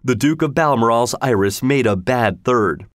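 A man narrating a storybook in a plain, steady reading voice. His voice sits at a middle pitch, and the recording is dry and close, with no room sound. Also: moderate pace, no room sound. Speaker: audiobook narrator.

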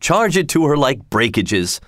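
Dry, calm statesman, wry and unhurried, read by a man. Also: medium pitch, dry recording, voice pushed up. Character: dry, calm middle-aged American statesman.

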